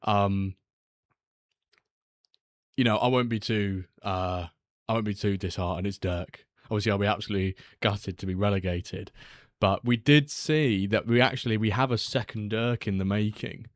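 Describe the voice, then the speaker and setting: A man's voice: fairly low pitch, moderate pace, no room sound, clean studio sound. A man hosting a casual live stream, rambling and reading out viewer messages. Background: faint background music.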